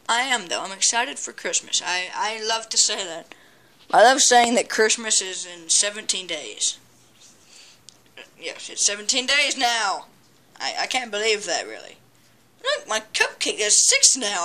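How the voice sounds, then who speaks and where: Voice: mid-range voice, pushed and bright. A person giving casual gameplay commentary, rambling and chatty, with frequent stammers and restarts as they talk back at the game. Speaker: gameplay video maker.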